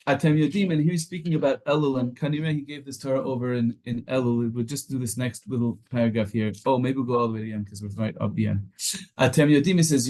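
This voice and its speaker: A man's voice: medium pitch, darkish tone. A man teaching a Torah class with passion, moving back and forth between Hebrew and English.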